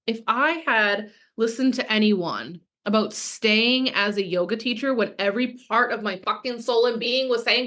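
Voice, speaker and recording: A woman's voice: a little high, lively intonation, measured pace, fairly bright tone. Frank, swearing woman coach. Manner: frank, casual, profane, reads out chat comments. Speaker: business coach. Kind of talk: coaching call.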